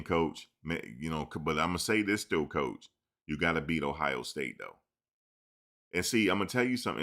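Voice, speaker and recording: A man with a low-sitting voice hosts a casual live-stream sports talk show, animatedly teasing and answering his chat.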